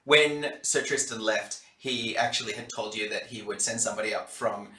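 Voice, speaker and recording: A man's voice: fairly low pitch, steady tone, moderate pace, pushed and bright. A man narrating as dungeon master, describing scenes with some fillers. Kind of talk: narrating a tabletop game. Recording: roomy room sound.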